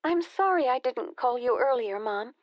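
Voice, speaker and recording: A woman narrator voicing an anxious young married woman, hushed and strained, close to tears. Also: fairly high pitch, expressive, moderate pace, dry recording, dull audio, pitched above the performer's own voice, close to an everyday voice. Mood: upset.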